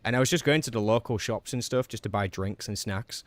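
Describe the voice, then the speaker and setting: Fast-talking man streaming a game. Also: fairly low pitch, no echo. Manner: talks quickly in a relaxed, chatty way; reacts out loud to gameplay. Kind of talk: casual live-stream commentary.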